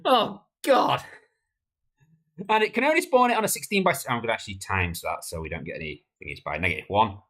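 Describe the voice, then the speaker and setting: Woman, husky voice, lively swooping pitch, breaks into helpless laughter, swears freely, casual stream chat. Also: fast. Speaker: game developer streamer. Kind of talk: casual livestream commentary.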